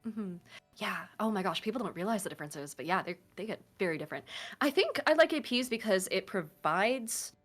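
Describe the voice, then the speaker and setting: A woman's voice: medium pitch, lively intonation, fairly quick, soft background music. A woman in her twenties from Oregon, chatting casually as a guest about running tabletop games, with lots of fillers and self-deprecating asides. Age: 20s. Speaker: guest, tabletop game master and streamer. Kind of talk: casual interview chat.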